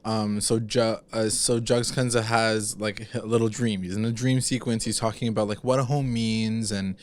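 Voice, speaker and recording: A man's voice: lowish voice, level tone, normal speed. A man co-hosting a casual TV recap podcast, laid-back and laughing often as he retells scenes. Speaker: podcast co-host.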